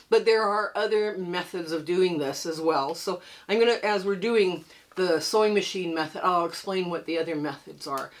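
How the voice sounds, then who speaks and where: An older woman from Canada hosting a quilting channel, chatting casually and upbeat with frequent laughs, a bit under the weather and coughing. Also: mid-range voice. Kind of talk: casual tutorial chat to camera.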